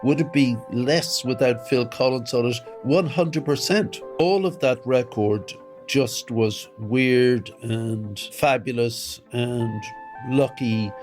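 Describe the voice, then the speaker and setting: A man's voice: medium pitch, slow pace, a little mellow, soft background music. Emphatic Irish man recalling. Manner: emphatic, answers his own questions. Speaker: interviewee. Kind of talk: interview recollection.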